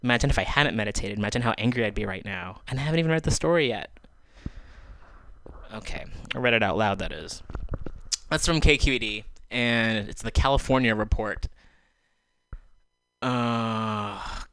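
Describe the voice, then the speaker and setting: A man's voice: on the low side, moderate pace, vocal fry, a bit bright, no echo. Sarcastic, exasperated male radio host. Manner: exasperated, sarcastic, swears when angry. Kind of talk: solo talk radio commentary. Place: radio studio. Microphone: handheld microphone taken off the stand.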